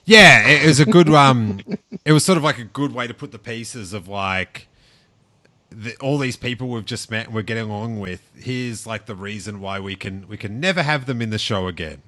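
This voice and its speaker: A man hosting a casual podcast chat, excitable and playful, often restarting his sentences. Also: mid-range voice, moderate pace. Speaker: podcast host.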